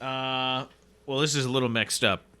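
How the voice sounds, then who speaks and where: A man's voice: medium pitch, steady tone, moderate pace, sharp tone, smooth. A man co-hosting a casual podcast, reading viewer comments aloud and joking in a dry, sarcastic way. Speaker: podcast co-host. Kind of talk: casual chat.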